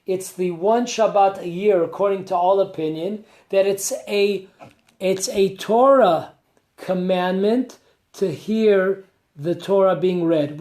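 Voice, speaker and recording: A man's voice: high-pitched, darkish tone. A man, a rabbi, giving a conversational Torah class with rhetorical questions and asides. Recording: echoey room.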